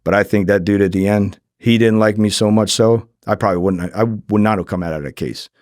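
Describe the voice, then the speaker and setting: Guest, male, low-pitched, lively raconteur acting out quotes, dry close mic. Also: brisk, no echo. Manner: animated, acts out quoted voices, swears freely. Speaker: former undercover agent, guest. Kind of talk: casual storytelling.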